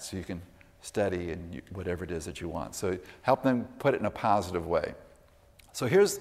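A man teaching a workshop on listening in a gentle, measured way, often letting his voice fall quietly at the ends of phrases. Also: low voice. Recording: reverberant hall.

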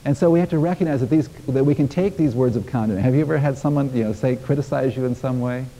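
A man's voice: mid-range voice, racing, warm tone, big-room sound, poor audio. A male minister giving a conversational sermon, talking casually and chuckling through folksy asides to his congregation. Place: church sanctuary.

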